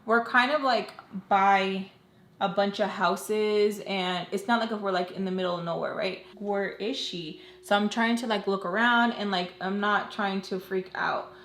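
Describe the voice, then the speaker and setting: A woman's voice: mid-range voice, unhurried. A woman telling a dramatic personal story in casual, slangy chat, acting out what people said. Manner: animated, slangy storytelling that acts out quoted dialogue; talks while doing her makeup. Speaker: storytime vlogger. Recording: roomy room with faint hum.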